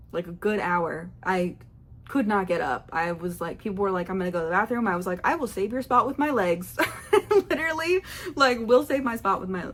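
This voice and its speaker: A young woman recaps a concert for her vlog in a chatty, rambling way. She fills her sentences with fillers and quotes herself, and her voice sits at a middle pitch. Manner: rambling, excitable, lots of fillers and self-quotes. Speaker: vlogger.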